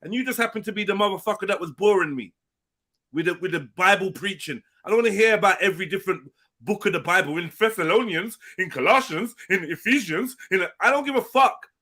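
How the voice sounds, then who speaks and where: A man's voice: high voice, lively intonation, fast, sharp tone. A man hosting a live panel stream, brash, profane and combative in debate.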